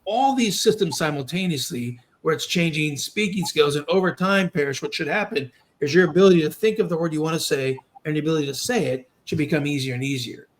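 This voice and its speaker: A man hosting a podcast, explaining reading steps in a quick, encouraging, coaching way. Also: on the high side. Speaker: podcast host and reading instructor. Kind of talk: conversational coaching.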